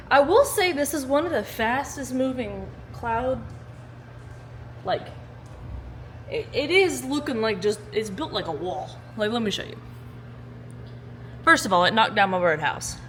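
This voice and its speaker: A woman vlogging casually at home, chatty and joking, laughing often and swearing casually, recorded on a handheld phone. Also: fairly high pitch. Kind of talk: casual vlog chat. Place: at home during a storm.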